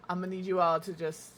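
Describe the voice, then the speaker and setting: A woman's voice: fairly low pitch, a little hiss or hum. A young woman from the American South, chatting casually and rambling with self-mocking humor while she plays a game on stream. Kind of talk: casual chat while gaming.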